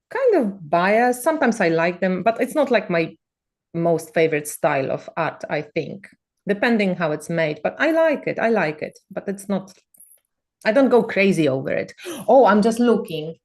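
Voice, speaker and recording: A woman's voice: mid-range voice, animated, moderate pace. A woman chatting casually on a video call, teasing a friend, swearing freely and laughing often. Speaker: co-host.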